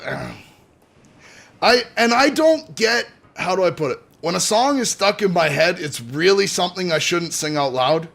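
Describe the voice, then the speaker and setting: A man's voice: sits high, lively intonation, normal speed, vocal fry, fairly bright tone. A Canadian man co-hosting a podcast, rambling and swearing in casual chat. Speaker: podcast co-host.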